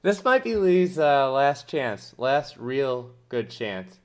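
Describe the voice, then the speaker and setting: A man talking casually on a sports podcast, lively as he makes his picks. His voice sits at an ordinary pitch. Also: slow pace. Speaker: podcast co-host.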